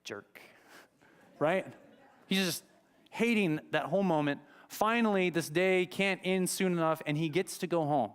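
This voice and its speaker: A man's voice: high-pitched, normal speed, smooth. A man preaching in a church, retelling a scripture story in a conversational, dramatic way. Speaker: pastor. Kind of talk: sermon. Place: church sanctuary.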